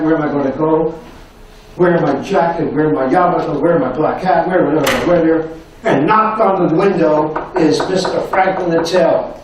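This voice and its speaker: A man's voice: fairly high pitch, a little hiss or hum. Older male professor, echoey distant room. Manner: animated, repeats phrases, acts out quotes. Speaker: professor giving a lecture. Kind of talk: anecdotal lecture storytelling. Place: university lecture room. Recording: echoey room recorded from afar.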